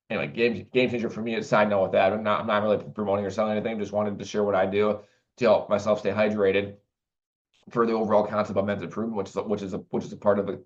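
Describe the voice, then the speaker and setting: A man talking casually to the camera in a rambling way, with many restarts and fillers. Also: lowish voice. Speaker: vlogger. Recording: dull lo-fi recording.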